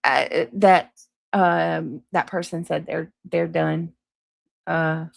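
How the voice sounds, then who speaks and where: Her voice sits low, steady in tone and slow, with vocal fry and no echo. She's a Southern woman hosting a live stream, casually reading viewer comments and swearing freely as she chats.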